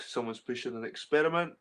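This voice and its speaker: A Scottish man hosting a casual livestream, rambling and swearing as he reads and answers the chat. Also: medium pitch. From Scotland. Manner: rambling, swearing, repeats himself. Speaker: livestream host reading chat.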